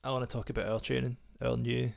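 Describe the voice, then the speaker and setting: A young Scottish man co-hosting a podcast, blunt, sweary and quick to laugh. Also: mid-range voice, level tone, creaky. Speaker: podcast co-host, drummer. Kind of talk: casual podcast chat.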